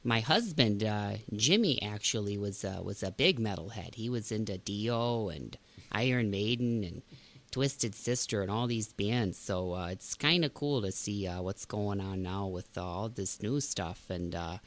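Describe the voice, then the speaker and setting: A man's voice: on the low side, measured pace, a bit bright. A man voicing a chatty, motherly older woman from the northern Midwest, rambling with lots of fillers. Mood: folksy chatty.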